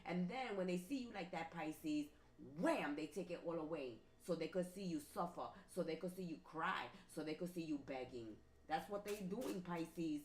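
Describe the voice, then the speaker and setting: A woman's voice: on the low side, expressive, normal speed, hardly any pauses. A woman reading tarot for her viewers, talking emphatically and repeating herself like a preacher. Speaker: tarot reader. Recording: roomy with faint ambient noise.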